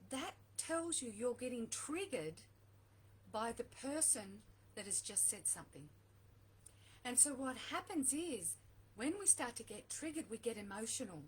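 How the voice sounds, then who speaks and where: A woman's voice: on the high side, sing-song, a little slow, slight background noise, rough recording. A middle-aged woman coaching viewers on relationships, talking earnestly and repeating her key points for emphasis. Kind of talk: direct-to-camera advice talk.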